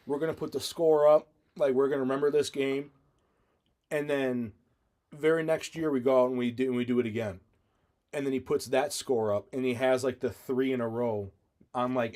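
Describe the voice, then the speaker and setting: A man co-hosting a podcast, telling stories in a casual, animated way, often laughing and swearing. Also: mid-range voice. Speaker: podcast co-host. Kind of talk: casual chat.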